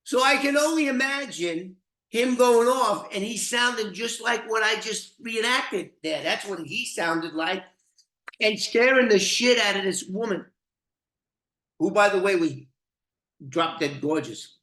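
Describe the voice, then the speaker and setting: A man's voice: sits high, animated, measured pace, sharp tone. An older man telling a rambling, profane story with frequent laughs. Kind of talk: casual storytelling. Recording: roomy echo.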